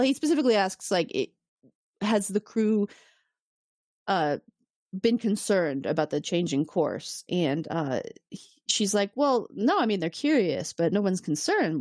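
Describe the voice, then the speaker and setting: A woman chatting casually as a podcast co-host, retelling a plot and dropping into quick voices for the characters. Her pitch swings widely as she talks. The sound is dry and close. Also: no echo. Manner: animated storytelling, acts out characters' lines. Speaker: podcast co-host recapping episodes. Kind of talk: casual chat.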